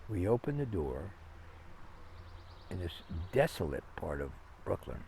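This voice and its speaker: A man's voice: low voice, very animated, measured pace, creaky, mellow, slight background noise. A man telling long anecdotes in a conversational interview, rambling with fillers and restarts. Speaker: interview guest. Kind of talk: conversational storytelling.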